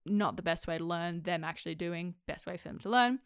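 A woman who teaches acting, chatting casually and telling animated stories with frequent laughs. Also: lowish voice, fairly quick, clean tone, no room sound, studio quality. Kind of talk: casual chat.

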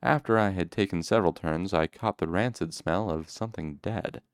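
A man reading a novel aloud in the first person, with measured, steady storytelling. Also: deep voice, smooth, no echo, clean studio sound. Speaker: audiobook reader.

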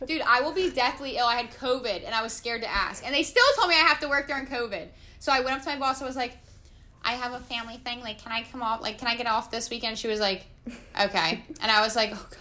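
A young woman in her twenties telling a funny story in casual chat, animated and often laughing. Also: fairly high pitch, quick pace.

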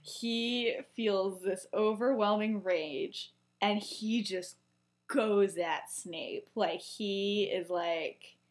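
A woman podcast co-host casually retelling a story, chatty and full of fillers, rising into animated bursts. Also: medium pitch, extremely slow.

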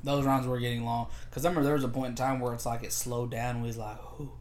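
A man's voice: mid-range voice, racing. A man co-hosting a podcast, chatting casually and telling stories with lots of acted-out quotes. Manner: animated storyteller, acts out quotes. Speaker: podcast co-host. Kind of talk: casual chat.

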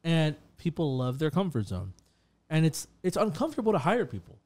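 A man's voice: on the high side, very animated, fairly quick, darkish tone. A man co-hosting a casual podcast, talking emphatically and profanely and tossing in "bro" often. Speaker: podcast co-host.

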